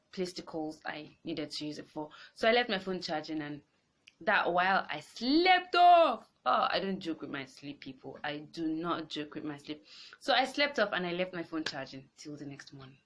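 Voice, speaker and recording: A woman, telling a personal story in an animated, exasperated way. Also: low-pitched, brisk, a little hiss or hum. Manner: animated, rising into exasperated outbursts. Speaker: vlogger. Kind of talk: casual storytelling to camera.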